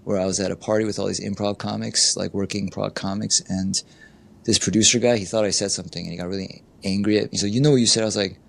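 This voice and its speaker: A man's voice: lowish voice, little pitch movement, fast, gravelly, a bit bright. A middle-aged man, a life coach, telling candid stories in an interview, acting out the people he quotes and saying "you know" often. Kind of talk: candid conversational storytelling.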